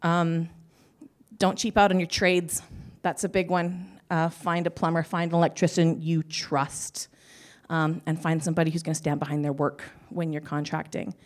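Woman on a conference panel, low voice, laughs a lot, chatty. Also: level tone, moderate pace. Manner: laughing, self-deprecating, chatty. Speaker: panelist, business owner. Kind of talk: live panel talk.

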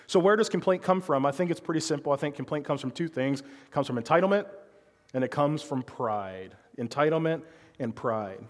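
A man's voice: mid-range voice, big-room sound. A man giving a sermon as a pastor, speaking conversationally and asking his listeners frequent rhetorical questions.

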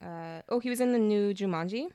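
A woman's voice: medium pitch, fairly quick, dark tone, dry recording. A young woman co-hosting a podcast, chatting casually as she recaps a book plot with slang and frequent laughter. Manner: bubbly, laughs often, retells plot with slang. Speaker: podcast co-host.

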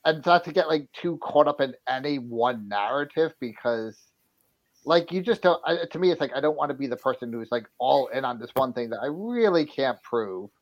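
A man's voice: medium pitch, animated, normal speed, muffled recording. A man in casual podcast chat, speaking in a hesitant, thoughtful way with many fillers.

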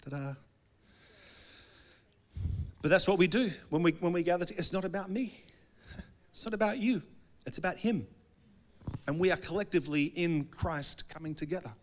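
A man preaching with a slightly higher voice than most men. He talks loosely and conversationally, and he often acts out little back-and-forth dialogues as he goes. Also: brisk. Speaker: pastor. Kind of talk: sermon.

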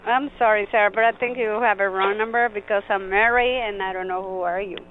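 A woman's voice: medium pitch, fairly even intonation, fairly quick, a little hiss or hum. A woman answering the phone at work, confused and apologetic toward the caller. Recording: tinny phone line.

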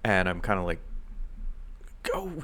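A man's voice: lowish voice, fairly quick, fairly bright tone. A young man co-hosting a casual podcast, playful and chatty, sometimes putting on a mock radio voice. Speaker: podcast co-host.

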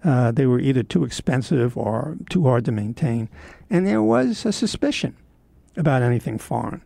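An older man from the United States reminiscing in a rambling, wry monologue with frequent pauses. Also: mid-range voice, animated, gravelly, warm tone, dry recording. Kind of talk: reflective monologue.

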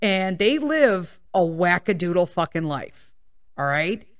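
With a lowish, sing-song voice, she takes her time. She's a podcast host from around Chicago, sharing a personal story in a loose, rambling way full of curses and side trips, often asking "okay?" or "right?"

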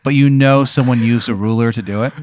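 A man narrating as game master in an improvised tabletop game, telling it in a casual, deadpan way. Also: medium pitch, a little fast, dry recording.

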